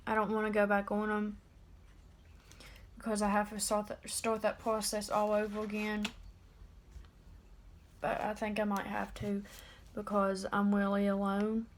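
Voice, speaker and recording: An eighteen-year-old woman talking straight to camera in a personal confessional vlog, subdued and halting. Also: medium pitch. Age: about 18. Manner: subdued, halting and openly emotional. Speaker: vlogger.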